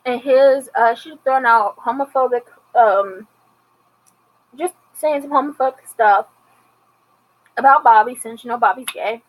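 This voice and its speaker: A woman with a fairly high voice recaps a TV episode in loose, casual commentary. She retells it chattily and slips into the characters' lines as she goes. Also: a little slow, long pauses, low-quality recording. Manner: chatty retelling with acted-out quotes. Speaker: TV episode reviewer.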